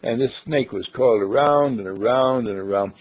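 A man's voice: medium pitch, normal speed. An older man giving a homespun sermon full of stories. He speaks in a folksy, earnest way and hesitates with small fillers. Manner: folksy and earnest, hesitant with uhs, acts out quoted voices. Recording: dull lo-fi recording.

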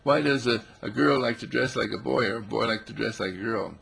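A man giving a playful, animated spiritual talk, now and then putting on animal voices. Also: mid-range voice, brisk. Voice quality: gravelly, husky.

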